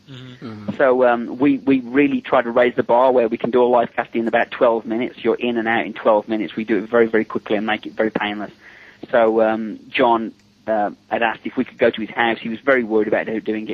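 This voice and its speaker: A middle-aged man, a special effects makeup artist, telling amused anecdotes as an interview guest and often laughing between them. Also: medium pitch. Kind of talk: casual anecdotal storytelling. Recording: dull lo-fi recording.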